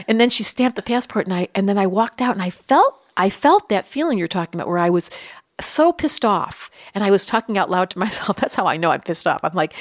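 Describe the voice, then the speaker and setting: An older woman talking in a casual podcast chat, animated and expressive, slipping into other voices when she tells a story. Her voice is recorded close and dry, with almost no room sound. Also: mid-range voice, no room sound. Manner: animated storyteller, acts out quotes. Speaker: astrologer guest.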